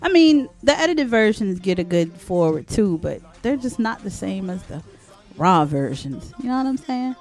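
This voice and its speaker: A woman's voice: mid-range voice, sing-song, moderate pace, a little mellow. A woman hosting a radio countdown show, chatting casually, rambling and correcting herself on air.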